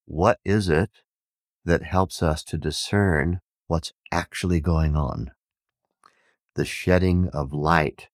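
A man telling a parable and teaching on Vedic wisdom, an animated storyteller who acts out the villagers' shouts. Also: sits low, slow, no room sound, studio quality. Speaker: podcast host and teacher.

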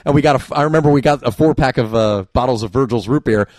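A man's voice: mid-range voice, fast talker, no room sound. A man co-hosting a podcast, telling stories in casual chat and swearing freely. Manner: animated storyteller, swears casually. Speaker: podcast co-host.

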